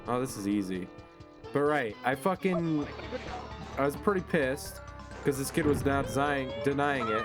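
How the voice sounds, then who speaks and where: A man's voice: medium pitch, lively intonation, normal speed. A young man hosting a casual gameplay chat, telling a story in a profane, ranting way. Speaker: gaming channel host. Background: game music.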